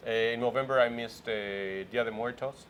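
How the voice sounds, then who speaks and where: A man's voice: medium pitch, little pitch movement, a little fast, a bit bright, a little hiss or hum. A man hosting a morning show in casual chat, playfully quizzing his co-host.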